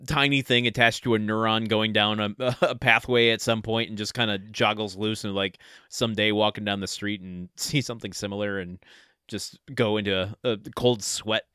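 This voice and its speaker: Bright-voiced man with dry jokes. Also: fairly low pitch, fairly even intonation, normal speed, clear, resonant tone, no echo. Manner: dry, joking asides, hesitant fillers. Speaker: podcast co-host. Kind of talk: casual chat.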